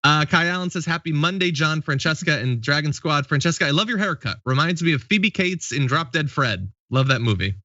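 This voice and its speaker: Guy hosting a live stream, bright ringing voice, kinda dull dry sound. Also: a little high, lively intonation, fairly quick, hardly any pauses, no echo. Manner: reads viewer comments aloud, laughs easily. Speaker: show host. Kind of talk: casual live-stream chat.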